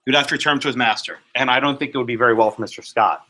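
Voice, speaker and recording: Man lecturing law students in a classroom, bright and pointed, keeps checking in with "okay?". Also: mid-range voice, rapid-fire, rough recording. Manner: questions students by name, frequent "right?" and "okay?". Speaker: law professor.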